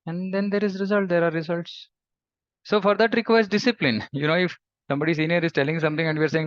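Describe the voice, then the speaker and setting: A man's voice: on the high side, animated, fast talker, dry recording. A man giving a scripture lecture as a spiritual teacher, emphatic and repeating points for stress. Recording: dull lo-fi recording.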